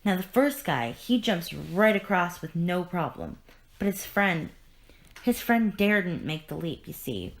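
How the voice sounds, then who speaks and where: A woman reading aloud the lines of a bitter, broken male clown villain, getting louder as she tells his joke. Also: fairly low pitch, sing-song, a little slow. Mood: storytelling.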